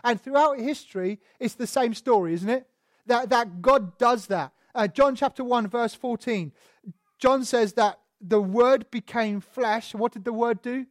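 A man's voice: sits high, no echo, clean studio sound. A man preaching a sermon and explaining words one by one, asking rhetorical questions and stressing single words. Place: church sanctuary.

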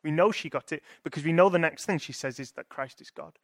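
A man's voice: fairly high pitch, fast, no echo, clean studio sound. Young man preaching conversationally. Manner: conversational, thinking aloud with frequent restarts and rhetorical "right?". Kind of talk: sermon.

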